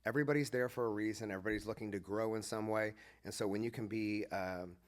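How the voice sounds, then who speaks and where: A man's voice: fairly low pitch, fast. A man, a former pastor, telling a story in a casual podcast conversation and acting out the lines of the people in it. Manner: animated, acts out quoted dialogue.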